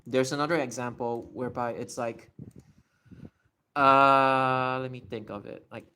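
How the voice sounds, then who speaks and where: Young man, slow talker, livestream, thinks aloud, patient step-by-step explaining. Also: medium pitch, steady tone, pushed and bright, clean tone.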